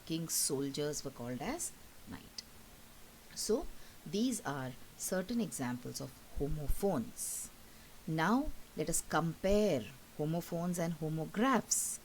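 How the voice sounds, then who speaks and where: A woman with an Indian English accent teaches a recorded school lesson in a slightly low voice. She explains patiently, repeats each point and checks understanding as she goes. Faint noise sits under her voice. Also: darkish tone, low-quality recording. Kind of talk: recorded online class lesson.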